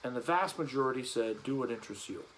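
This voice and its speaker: A man's voice: medium pitch, animated, quick pace, a little hiss or hum, low-quality recording. A man vlogging casually as he cleans a gun, rambling and joking in an offhand way.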